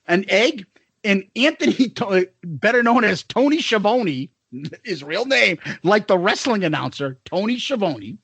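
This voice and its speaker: A man's voice: high-pitched, animated, a little slow, fairly bright tone, slightly rough, no echo. A middle-aged man co-hosting a podcast, telling profane school stories in casual chat and laughing through them. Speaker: podcast co-host.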